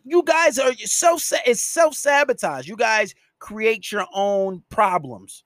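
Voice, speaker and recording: A man with a high voice delivers a solo podcast rant. He scolds his listeners with heavy profanity and hammers every point home, and his voice sounds dry and close, with no room sound around it. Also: lively intonation, slow, few pauses, fairly bright tone, dry recording. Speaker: podcast host and dating coach.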